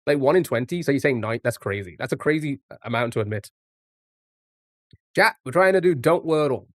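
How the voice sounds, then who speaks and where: Male streamer, casual, jokey, swears, talks to chat, dry close sound, mid pitch. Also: animated, fairly quick, no room sound.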